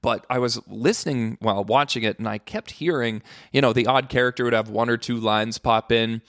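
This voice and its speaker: An American man hosting a casual solo podcast, swearing freely and jumping into high-pitched exclamations. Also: brisk, fairly bright tone, no room sound, studio quality. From United States. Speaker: podcast host.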